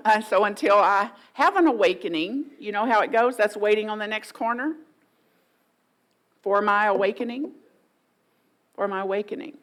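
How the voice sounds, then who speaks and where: In a church sanctuary, a woman pastor with a mid-range voice delivers a folksy, playful sermon, often mimicking voices for laughs. The recording quality is rough.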